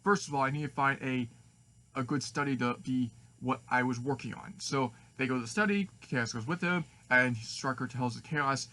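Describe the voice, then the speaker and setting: Man retelling a fan story, rambling, stop-start, bright voice, mid pitch. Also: moderate pace. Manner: rambling, full of restarts and fillers. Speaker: fan video maker.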